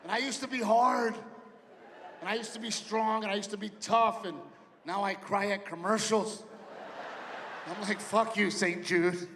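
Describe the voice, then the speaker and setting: A middle-aged man doing a stand-up comedy routine, animated storytelling that acts out his family members. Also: sits high, normal speed, pauses often. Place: large theater with live audience. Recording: live venue reverb, audience noise.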